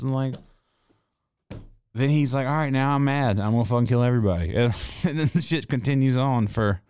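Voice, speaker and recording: A man with a lowish, smooth and resonant voice talks through a movie in a loose, offhand way. He swears freely and piles on slang and fillers. The sound is dry and close, with no room echo. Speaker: podcast host. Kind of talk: casual rambling movie review.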